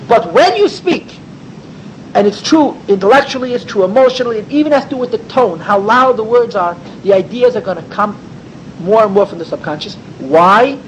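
A man with a high-pitched voice leads a Torah class in a lively lecturing style. He asks rhetorical questions and leans hard on key words. A faint vehicle rumble sits under the recording. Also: a little fast, low-quality recording. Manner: animated, rhetorical questions, sweeping pitch for emphasis. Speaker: rabbi teaching a class.

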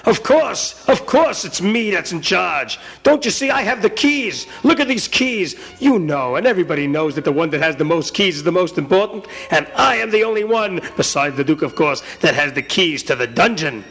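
A man's voice: high-pitched, animated, moderate pace, few pauses, a bit bright, breathy edge, exaggerated voice. A man voicing a pompous, self-important castle guard who brags about his keys. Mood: boastful. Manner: boastful, puffed up, dim.

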